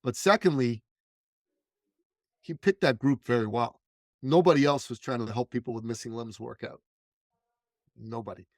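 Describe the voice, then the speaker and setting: A man's voice: mid-range voice, moderate pace, long pauses, dry recording, clean studio sound. A man, a business coach and speaker, telling stories emphatically with punchy repetition as an interview guest. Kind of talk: animated storytelling in conversation.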